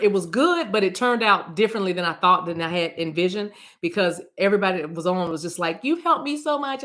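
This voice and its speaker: Low-pitched and a bit bright, this middle-aged East Coast woman works as a spiritual reader, playfully rambling on a casual livestream and calling out viewers by name.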